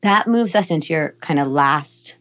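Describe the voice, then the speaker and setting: A woman's voice: deep voice, moderate pace. A middle-aged woman psychologist, a guest on a podcast, explaining parenting in an earnest, teaching way. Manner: earnest, explanatory, playfully animated in examples.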